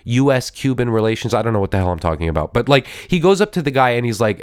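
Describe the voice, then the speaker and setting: A man with a sing-song, mid-range voice talks fast in a dry, clean studio recording, hosting a casual movie review podcast. He rambles in a wry, mock-admiring way, often restarting and repeating himself.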